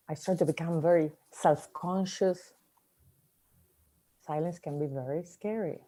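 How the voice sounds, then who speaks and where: A woman who speaks English as a second language, giving a motivational talk in a reflective, storytelling manner with pauses. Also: fairly low pitch, mellow, breathy edge. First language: not English.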